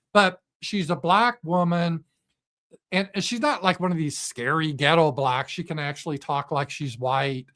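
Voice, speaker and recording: A man's voice: fairly high pitch, fairly bright tone. Male commentator, sarcastic and mocking, solo talk-to-camera monologue. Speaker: political commentator.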